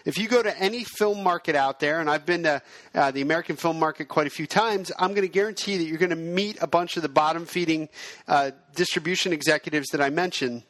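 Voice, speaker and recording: A male podcast host who explains things in a steady, self-described monotone. His voice sits a little high and sounds close and dry, with no room around it. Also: quick pace, dry recording. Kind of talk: podcast monologue.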